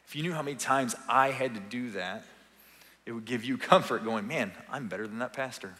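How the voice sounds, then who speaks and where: A man's voice: medium pitch, normal speed, pushed and bright, long reverb tail. A man speaking as a family pastor, giving an earnest, encouraging, conversational sermon. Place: church sanctuary.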